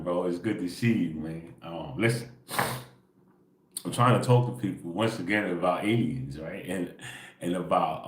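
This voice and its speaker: An echoey room carries the very deep voice of a spiritual livestream host chatting quietly in the early morning. He's laid-back and wandering, and nearly every sentence ends with "bro" or "right?"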